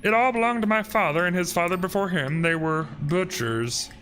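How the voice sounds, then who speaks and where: A man's voice: high-pitched, normal speed, a bit bright, voice pushed up. A man voicing a creepy, cheerfully sinister male innkeeper from a family of butchers, speaking with an exaggerated lisp and odd word stress. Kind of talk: reading game dialogue aloud.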